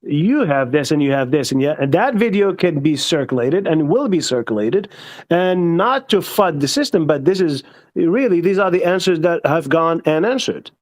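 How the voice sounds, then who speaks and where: A man's voice: a little high, expressive, moderate pace. A man from the American South in a casual group voice chat, hesitant and thinking aloud with many fillers. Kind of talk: casual discussion.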